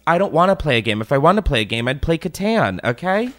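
A man's voice: a little high, big pitch swings, a little fast, a bit bright. A man hosting a podcast, ranting casually and exasperatedly with lots of swearing. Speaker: podcast host.

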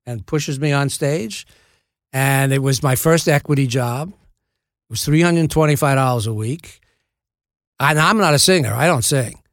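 Gravelly older man telling showbiz stories. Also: mid-range voice, dry recording, studio quality. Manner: self-deprecating, acts out quoted dialogue. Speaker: actor guest. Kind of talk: anecdotal storytelling in a podcast interview. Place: podcast studio.

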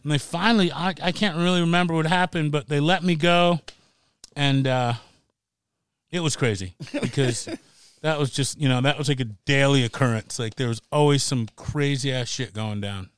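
A middle-aged man, a podcast guest, telling a wild story in a casual, animated way, swearing freely and laughing as he goes. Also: fairly high pitch, normal speed, clean tone, dry recording.

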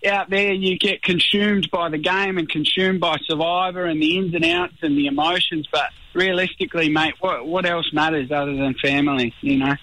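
An Australian man, a reality show contestant, chatting in a relaxed radio interview and saying "mate" often. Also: on the high side, normal speed, few pauses, low-quality recording. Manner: laid-back, says mate a lot.

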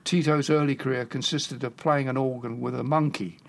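A man's voice: medium pitch, steady tone, normal speed, vocal fry. An older man, a music journalist, telling wry anecdotes and acting out quotes in little voices. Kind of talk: anecdotal storytelling.

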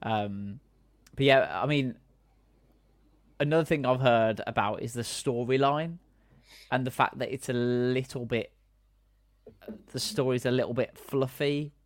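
A man with an ordinary pitch hosts a casual podcast conversation. He keeps asking the others what they think. His voice is dry and close to the mic. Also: steady tone, measured pace, long pauses, no room sound. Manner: inquisitive, asks the others questions. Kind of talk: casual chat.

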